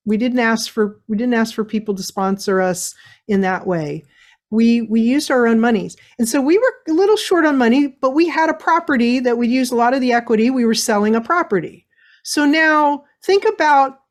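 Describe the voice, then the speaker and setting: A middle-aged woman giving a motivational webinar talk, telling a story in an animated way. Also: on the high side. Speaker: speaker.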